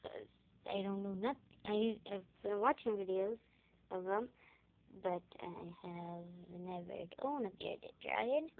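A young girl giving a casual tour of her bedroom, chatty and rambling, excitable now and then. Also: mid-range voice, takes it slowly. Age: child. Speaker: vlogger giving a room tour. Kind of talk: casual room tour vlog. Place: child's bedroom, indoors. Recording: tinny lo-fi home camera audio.

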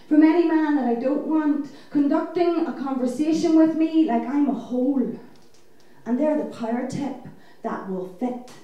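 A woman's voice: high-pitched, dark tone, distant mic. A woman performing spoken word poetry as a feature poet, wry and punchy, laughing between lines. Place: club stage. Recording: echoey club heard from afar.

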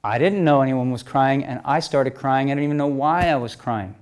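A man gives a relaxed storytelling talk at an ordinary middle pitch. He acts out what people said as bits of dialogue. He keeps checking in with his listeners as he goes. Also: moderate pace. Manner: keeps checking in with "okay?" and "you know?"; re-enacts exchanges as quoted dialogue. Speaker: speaker telling stories to an audience.

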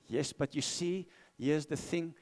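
A man preaching a sermon in a church. He repeats his key phrases and asks the congregation to respond. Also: fairly high pitch. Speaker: pastor.

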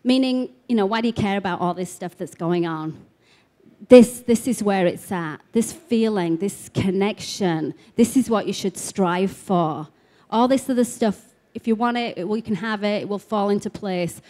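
A woman's voice: mid-range voice, moderate pace, dark tone. A woman speaking at an expo about spiritual healing, telling stories in a chatty way full of casual fillers. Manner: chatty storytelling, many "like" fillers. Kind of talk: live talk to an expo audience. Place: expo talk room.

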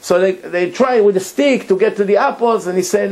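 A man's voice: high voice, a little fast, darkish tone, slight background noise. A man, a rabbi giving a Torah lecture, telling a story emphatically and repeating words for effect.

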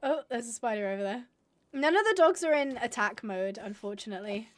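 A woman's voice: on the high side, animated, a little fast. A young woman streaming a game live, chatting to viewers and gushing and squealing over cute animals.

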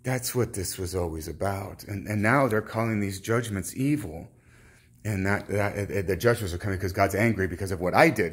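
A man speaking as a self-styled prophet in a rambling religious monologue, fervent and halting, with many restarts. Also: lowish voice, breathy edge.

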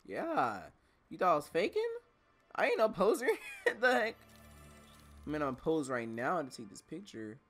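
A man's voice: fairly high pitch, huge pitch swings, moderate pace, pauses often, fairly bright tone, faint music behind. A man doing casual let's-play commentary, joking, swearing and laughing to himself as he plays. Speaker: gamer.

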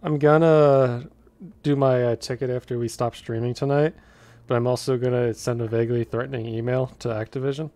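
A man's voice: mid-range voice, fairly even intonation, fairly quick, dark tone, dry recording. A man chatting while playing a game, making wry quips and laughing. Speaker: streamer. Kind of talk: casual gaming banter.

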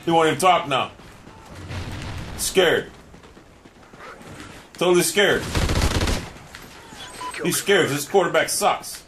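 A man trolling strangers in game voice chat, brash and taunting, often yelling. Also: a little high, animated, slow, long pauses, over music. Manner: brash, taunting, yells insistently. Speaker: prank caller in game lobby voice chat. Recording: noisy game audio with gunfire.

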